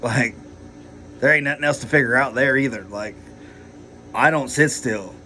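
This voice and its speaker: A man's voice: medium pitch, moderate pace, sharp tone, soft background music. A man rambling heatedly in a personal vlog, swearing a lot and filling his talk with "like" and "you know". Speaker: vlogger.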